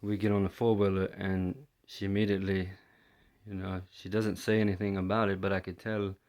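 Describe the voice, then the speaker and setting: A man's voice: low voice, little pitch movement, a little fast, darkish tone. A man from London, telling a personal story in a hesitant way, full of fillers and restarts. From London, England. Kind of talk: first-person storytelling monologue.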